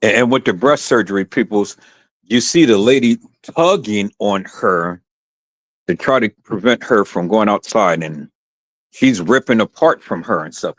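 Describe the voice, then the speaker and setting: A man's voice: fairly low pitch, animated, unhurried. Impassioned man ranting on a live stream. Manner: impassioned, repetitive, addresses viewers as "peoples".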